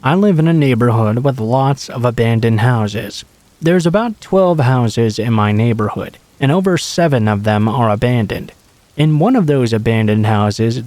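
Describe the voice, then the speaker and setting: A man narrating true scary stories in a steady, matter-of-fact reading voice. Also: mid-range voice, no echo. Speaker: horror story narrator.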